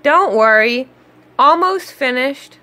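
A woman's voice: high voice, lively intonation, takes it slowly, bright, forceful tone, exaggerated voice. A woman reading aloud and voicing an eager, helpful male dog in a storybook, bouncy and earnest.

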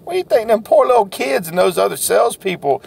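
A man's voice: high voice, sing-song, fast, creaky, a little mellow, breathy edge. A man, a sales coach giving a folksy, self-deprecating motivational talk.

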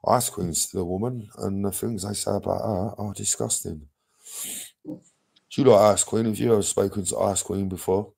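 A man's voice: fairly low pitch, steady tone, moderate pace, vocal fry, warm tone, breathy edge. A man hosting a livestream, talking bluntly and swearing a lot. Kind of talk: heated livestream chat.

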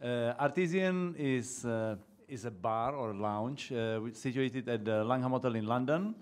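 A man's voice: medium pitch, unhurried. Man bar-owner guest, easygoing, jokes, mid-range voice. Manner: relaxed, joking, hesitant fillers. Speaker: panel guest, bartender. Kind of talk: live panel talk.

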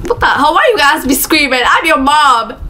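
A woman voicing a playful, taunting killer who hunts children in a game, shouting mock threats over loud keyboard clicks. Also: high-pitched, sing-song, normal speed, slight background noise, full character voice.

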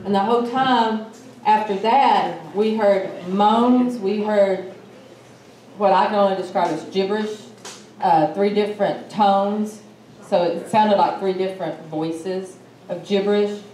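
A woman tells a story in a relaxed way and acts out the lines of the people in it. She sounds a bit far from the mic in an echoey room, with a faint hiss underneath. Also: medium pitch. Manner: animated, acts out quotes. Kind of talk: casual storytelling.

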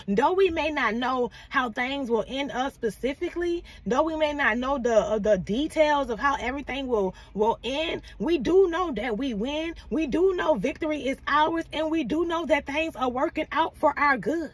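High-voiced woman preaching a prophetic word. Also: fairly bright tone, no echo. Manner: call-and-response, repeats "come on now" and "baby".

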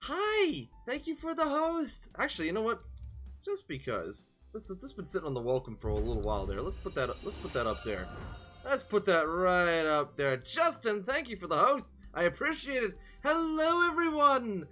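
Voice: mid-range voice, sing-song, normal speed, bright, forceful tone, soft background music. A variety game streamer chatting live, bubbly and playful, greeting viewers by name.

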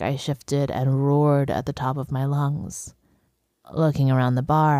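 A woman narrating a first-person audiobook in a steady storytelling manner. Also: rumbling low, no echo, studio quality. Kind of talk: scripted narration.

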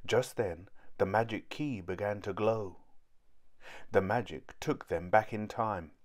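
A man reading a children's storybook aloud, narrating slowly and clearly. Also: fairly low pitch.

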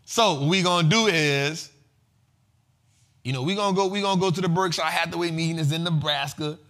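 A man hosting a casual finance show, talking in a loose, slangy, animated way and laughing often. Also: fairly high pitch.

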